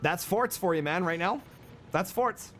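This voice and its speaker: A man's voice: high voice, expressive, a little slow, fairly bright tone, faint music behind. A man giving brash, joking game livestream commentary and coaching his viewers. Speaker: game streamer.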